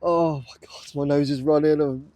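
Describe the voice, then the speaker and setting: A man's voice: on the high side, steady tone, normal speed, warm tone, no echo. Awestruck British man in a field. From United Kingdom. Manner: breathless, awestruck, repeats exclamations. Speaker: metal detecting vlogger. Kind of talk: excited outdoor vlog commentary. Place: outdoors in a muddy field. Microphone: camera on a tripod.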